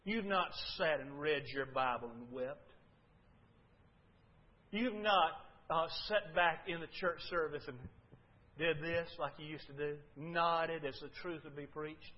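An older male preacher, delivering a sermon that moves between loud, fervent pleas and quiet, low confiding talk. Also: unhurried. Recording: dull lo-fi recording.

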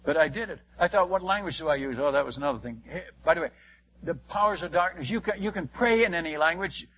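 A man in the role of a missionary preaches his testimony, building the story with emphasis and turning to ask his listeners direct questions. His voice sits high for a man and has a husky edge. The recording is dull and lo-fi. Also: fast. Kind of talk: testimony sermon to a congregation.

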